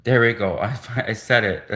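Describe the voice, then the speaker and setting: A man hosting a casual livestream, talking in halting bursts and slowly sounding out practice phrases in a language he is learning. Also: lowish voice, a bit bright. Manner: halting, restarts, slow careful reading of foreign phrases. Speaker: livestream host.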